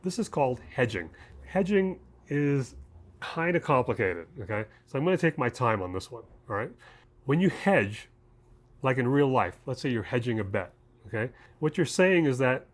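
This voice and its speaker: A man's voice: mid-range voice, sing-song, moderate pace. A man who co-founded a trading education service, explaining an idea in a casual, chatty way, often checking in with "okay?" and "right?". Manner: uses homely examples and jokes. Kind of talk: casual explainer talk to camera.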